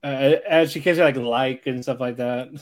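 A man's voice: mid-range voice, fairly even intonation, moderate pace. A man co-hosting a podcast, chiming in with short additions while casually recapping anime episodes. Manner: chimes in with short additions, laughs often. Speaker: podcast co-host.

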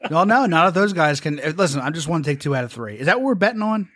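Man, podcast co-host, stuffy nose, a bit high-pitched, dry close mic, easygoing. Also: animated, racing, fairly bright tone, dry recording. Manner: laid-back, laughing, repeats phrases. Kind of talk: casual podcast chat.

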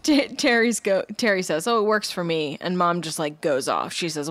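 A woman's voice: on the low side, moderate pace, few pauses, fairly bright tone. A woman co-hosting a casual podcast, recapping a TV episode, laughing often and acting out the characters' lines. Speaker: podcast co-host.

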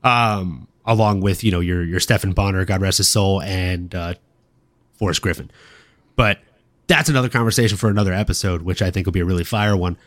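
A man from Louisiana hosting a casual livestream podcast, excitable and swearing freely, often laughing. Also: sits low, brisk. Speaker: podcast host.

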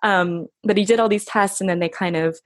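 A middle-aged woman speaking softly and reflectively in an intimate interview, often pausing and restarting her sentences. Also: mid-range voice, dry recording, studio quality. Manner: soft, reflective, halting with restarts. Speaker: guest recounting her husband's death.

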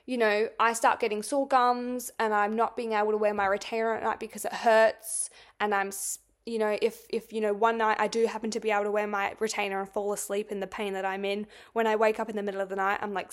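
A woman's voice: mid-range voice, little pitch movement, brisk. A young woman hosting a podcast, telling a personal story in a casual, rambling way, swearing often and filling with "like". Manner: chatty, swears a lot, fills with "like". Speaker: podcast host.

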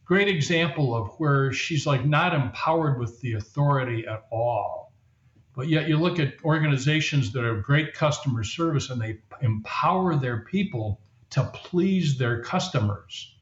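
A man's voice: medium pitch, expressive, moderate pace. A man who is a leadership coach and author, explaining his ideas as a guest in a podcast interview and sometimes acting out quoted voices. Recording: roomy, dull lo-fi sound.

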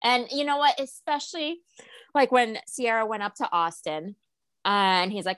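Animated woman recapping reality TV. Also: a little high, normal speed, no echo. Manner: animated, laughs often, acts out quotes. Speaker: podcast co-host. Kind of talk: casual reality TV recap chat.

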